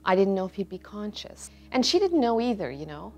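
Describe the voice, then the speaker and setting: A woman's voice: mid-range voice, sing-song, a little fast, soft background music. Thoughtful woman, family caregiver. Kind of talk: interview testimony.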